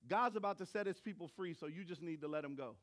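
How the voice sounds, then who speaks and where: Ragged prophet, blunt and low-voiced, as a preacher acts him out. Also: male voice, fast talker, fairly bright tone, natural voice.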